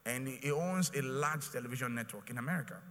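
A man's voice: medium pitch, quick pace, bright, forceful tone, in a large hall. A man with a Nigerian accent preaching a sermon as a pastor, emphatic and repetitive, with pidgin phrases mixed in.

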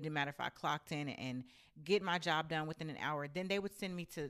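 Blunt, gravelly-voiced woman ranting casually. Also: low-pitched. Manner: blunt, animated, profane. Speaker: storyteller. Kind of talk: casual storytelling rant.

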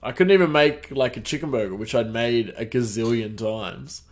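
A man's voice: medium pitch, moderate pace. A man hosting a podcast, telling a casual story in a rambling way full of fillers and restarts. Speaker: podcast host.

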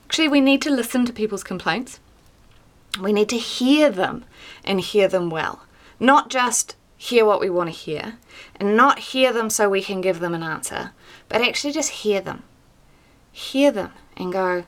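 A woman hosting a devotional podcast, talking earnestly and conversationally, shifting between emphatic points and soft, quiet moments. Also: medium pitch, animated, a little slow. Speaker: podcast host teaching on the Bible.

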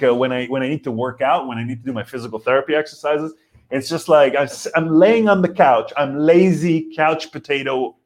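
A man in his forties hosting a live comedy podcast, ranting in a rambling way with lots of restarts and acted-out quotes. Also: medium pitch. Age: 40s. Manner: rambling, frequent restarts and fillers, acts out quotes. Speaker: comedian host.

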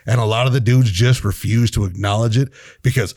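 A man's voice: fairly low pitch, a little fast, darkish tone. A man ranting in casual, profane chat, heated and swearing constantly as a podcast co-host.

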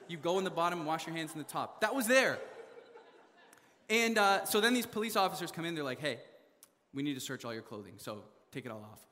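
Young canadian guy preaching, bright voice, laughs a lot, big hall echo. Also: high voice. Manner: animated, laughing, many fillers. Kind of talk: sermon storytelling.

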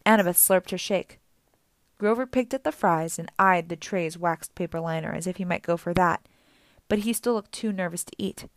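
A woman narrating a novel in the first person as an audiobook reader, with a steady storytelling delivery. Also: fairly low pitch, normal speed, no echo.

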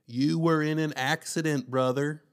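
A man voicing a loud older brother who shouts and talks slowly, with a folksy drawl. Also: mid-range voice, fairly even intonation, close to an everyday voice.

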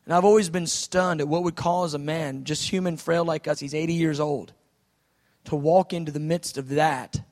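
High-voiced dramatic male preacher. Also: steady tone, normal speed. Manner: dramatic, swings from shouting to hushed. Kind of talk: sermon.

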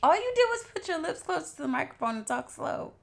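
A woman's voice: high voice, sing-song, brisk, gravelly, fairly bright tone. A woman co-hosting a podcast in casual chat, teasing her co-host and laughing a lot.

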